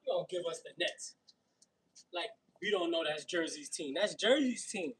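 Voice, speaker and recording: A man's voice: on the high side, normal speed, fairly bright tone, slight background noise, low-quality recording. A man from Brooklyn with a New York accent, talking casually and laughing on a fitness livestream between sets. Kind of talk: casual livestream chat while working out.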